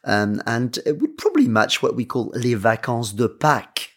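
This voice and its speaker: A man's voice: medium pitch, huge pitch swings, moderate pace, fairly bright tone. Playful man co-teaching a lesson. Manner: playful, jokey, says "très bien" often. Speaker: language teacher co-host. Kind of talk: casual podcast lesson.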